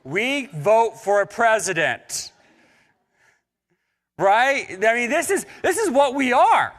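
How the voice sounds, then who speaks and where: Animated, high-voiced young male pastor preaching. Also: slow. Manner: animated and conversational, with jokes and asides to the congregation. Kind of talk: sermon. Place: church sanctuary.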